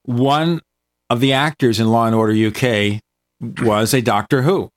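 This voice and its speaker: A man's voice: medium pitch, a little slow, faint music behind. A man hosting a tech talk show in casual, enthusiastic chat that wanders from point to point. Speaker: show host.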